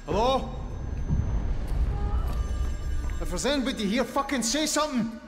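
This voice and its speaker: Freaked-out scottish rig electrician in a game, high jumpy voice, loud music behind. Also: male voice, lively intonation, quick pace. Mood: wary. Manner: panicked swearing under his breath. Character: frightened Scottish oil rig electrician man. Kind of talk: video game voice acting.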